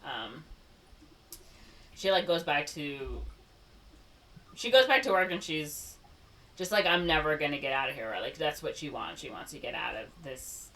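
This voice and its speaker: A woman's voice: sits low, very animated, fairly bright tone, distant mic. A woman co-hosting a podcast, casually retelling a film plot in a rambling way with lots of "like". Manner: rambling, heavy use of "like", quick voices for quotes. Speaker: podcast co-host.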